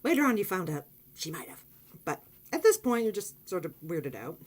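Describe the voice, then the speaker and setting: A woman casually telling a personal story on her vlog, animated and blunt, acting out quotes and swearing freely. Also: normal speed. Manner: animated, swearing, acts out quotes in high excited voice. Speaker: vlogger.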